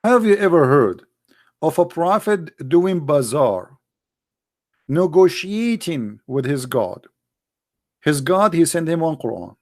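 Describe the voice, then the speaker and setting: Man, high-pitched voice, sarcastic commentary, rhetorical questions, English. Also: big pitch swings, slow, pauses often, a little mellow. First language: Arabic. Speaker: religious critic. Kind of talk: polemical commentary.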